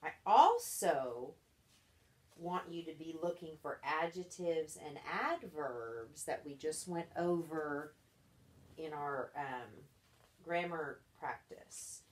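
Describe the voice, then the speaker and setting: A woman's voice: deep voice, animated, slow pace, a little mellow. A woman tutoring a child in reading one-on-one, patient and encouraging, explaining each step.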